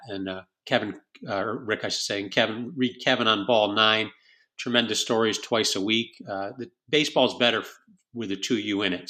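A man's voice: lowish voice, pushed and bright. A man hosting a podcast who wraps up the episode with effusive thanks to the guests and plugs for the show. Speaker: podcast host. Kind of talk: closing thanks and sign-off.

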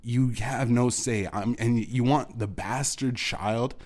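A man's voice: medium pitch, slow, a little mellow. A Canadian man hosting his own show, delivering a heated, profane rant at his absent father, repeating himself and restarting sentences. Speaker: podcast host. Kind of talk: angry solo rant to an absent parent.

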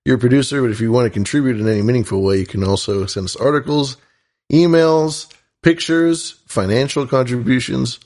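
A man's voice: medium pitch, brisk. A man co-hosting a casual podcast, joking around and reading out thanks to listeners. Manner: joking, reads listener shout-outs. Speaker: podcast co-host.

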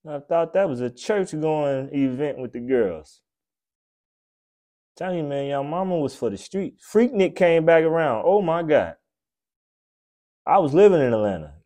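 A man hosting a podcast, delivering a blunt, profane, preachy comedic rant that swings between loud outbursts and low mutters. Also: very animated, a little slow, pauses often. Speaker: podcast host.

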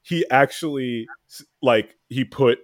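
A man telling a story among friends in casual chat, animated, laughing often and swearing freely. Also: mid-range voice, measured pace, no room sound, clean studio sound.

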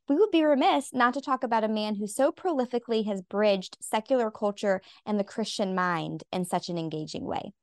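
Bright-toned young woman co-hosting. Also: on the high side, dry recording, clean studio sound. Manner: clear, friendly interviewer asking follow-ups. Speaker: podcast co-host. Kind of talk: conversational podcast talk.

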